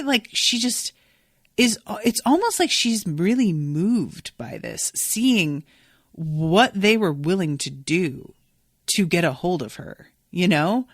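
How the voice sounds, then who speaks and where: A woman's voice: medium pitch, fairly bright tone, no room sound, clean studio sound. A woman hosting a podcast, chatting casually and candidly through a recap, swearing freely and reacting with feeling. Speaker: podcast host.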